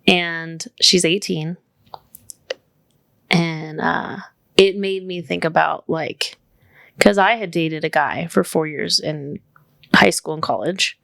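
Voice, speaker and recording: Low gravelly woman chatting on a podcast. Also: takes it slowly, pauses often, fairly bright tone, no room sound. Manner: chatty, leans heavily on "like". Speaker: podcast co-host. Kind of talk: casual podcast chat. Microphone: studio microphone.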